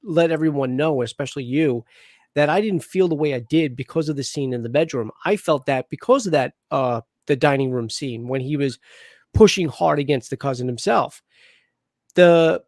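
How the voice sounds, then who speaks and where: A man's voice: fairly high pitch, moderate pace, darkish tone, no room sound, clean studio sound. A man co-hosting a casual show review, rambling with lots of false starts and restarts. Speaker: podcast co-host.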